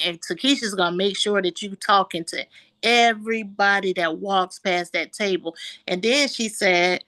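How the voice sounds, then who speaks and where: A woman telling a lively story on a group video call about her insurance work. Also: mid-range voice, measured pace. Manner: animated storytelling, quoting others. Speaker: insurance agent sharing a win. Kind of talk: casual group call testimony.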